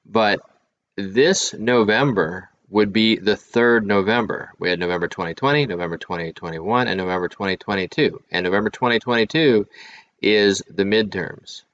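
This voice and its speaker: A man with a fairly low voice talks through his ideas as host of his own channel, often pausing and restarting mid-thought. The recording sounds muffled and lo-fi. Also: fairly bright tone. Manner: musing, thinking aloud with restarts. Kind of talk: casual commentary to camera.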